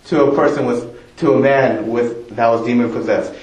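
A man's voice: mid-range voice, normal speed. A man preaching a sermon, talking to the congregation in a conversational way and asking them questions. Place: church. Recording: roomy church echo.

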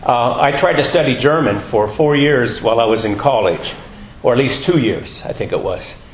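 A man's voice: medium pitch, normal speed, roomy sound, a little hiss or hum, poor audio. A man giving a sermon, talking in a chatty, rambling way with lots of fillers. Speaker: guest preacher. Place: church.

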